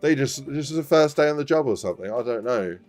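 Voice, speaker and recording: A man's voice: mid-range voice, animated, fast talker, a little mellow, soft background music. A man in his thirties, casually telling a rambling anecdote on a live stream, laughing often.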